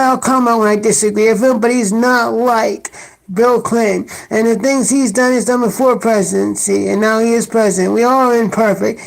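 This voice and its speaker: A political commentator in full rant mode, scolding and sarcastic, hammering the listener with accusations. The voice has a rough, gravelly edge and sits at a middling pitch. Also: poor audio.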